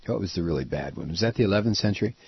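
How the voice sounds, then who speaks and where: Husky, rambling male radio host. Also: sits low, expressive, racing, no echo. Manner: rambling, hesitant, sardonic, many "uh"s. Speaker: radio talk show host. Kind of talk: casual on-air commentary. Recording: dull lo-fi radio audio, dry.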